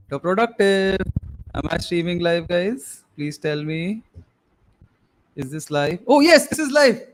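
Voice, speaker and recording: A young Indian man with an Indian English accent hosting a live sports podcast, rambling with many fillers and slipping into Hindi. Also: sits high. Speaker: podcast host. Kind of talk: live-streamed casual sports chat.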